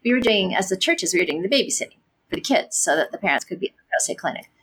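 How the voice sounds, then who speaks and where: Gravelly earnest woman pastor. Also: mid-range voice, animated, very fast, a bit bright, a little hiss or hum. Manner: earnest, impassioned storytelling with many "you know" and "right?". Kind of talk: podcast interview answer.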